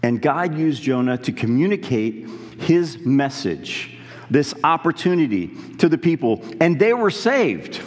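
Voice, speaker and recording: A male pastor preaching a sermon in an earnest, conversational way, pausing to weigh key words. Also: mid-range voice, very animated, long reverb tail.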